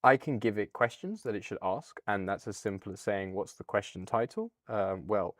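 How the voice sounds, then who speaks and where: A man with a British accent hosting a casual, upbeat software walkthrough, chatty with a few fillers. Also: on the low side, expressive, fast talker, few pauses, dry recording, studio quality. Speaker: product demo host.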